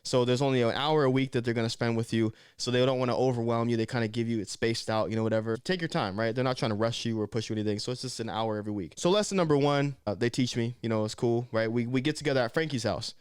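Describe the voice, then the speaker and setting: A man's voice: mid-range voice, fast, few pauses, smooth, no echo, clean studio sound. A young man in casual, slangy storytelling as a vlogger, talking to camera. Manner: slangy, animated, conversational.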